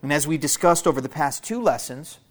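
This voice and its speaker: A man's voice: on the high side, lively intonation, fairly quick. A man preaching a sermon to his church in an earnest, teaching manner, repeating key phrases for emphasis and speaking to listeners as family. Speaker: pastor.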